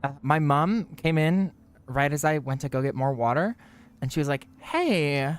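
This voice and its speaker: A young man with a fairly high, clean voice chats casually at a normal pace while streaming a game. His talk rambles and pokes fun at himself.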